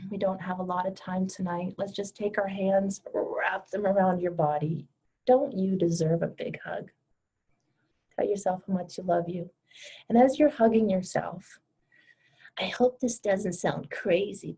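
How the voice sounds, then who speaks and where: A breathy woman guides her students through a meditation in a gentle, soothing way. Her voice sits at an ordinary middle pitch, and she speaks with warm affection as the course leader of an online class. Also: poor audio.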